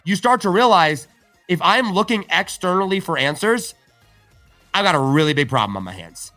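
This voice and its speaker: A man with a bright, forceful voice talks animatedly on a podcast and slips into quoted dialogue as he tells stories. He says "right?" and "like" constantly. He is recorded dry and close, with faint music behind him. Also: high voice, expressive, normal speed, no echo. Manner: frequent filler "right?" and "like". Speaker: podcast guest. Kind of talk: casual podcast conversation.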